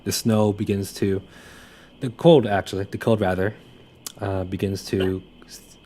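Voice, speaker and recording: Deep-voiced young man narrating a tabletop game. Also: fairly even intonation, mellow. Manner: loose, halting narration with many fillers. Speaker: game master.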